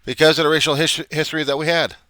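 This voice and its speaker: Indignant older man with a bright, crisp voice. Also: on the high side, little pitch movement, fast, no echo. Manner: rambling, indignant, swears often. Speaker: reverend. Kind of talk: casual rant on camera.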